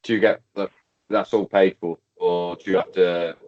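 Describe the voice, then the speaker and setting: Rambling low-voiced man. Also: little pitch movement, moderate pace, a little mellow, muffled recording. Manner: rambling, searching for words, matey. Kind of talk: casual podcast chat.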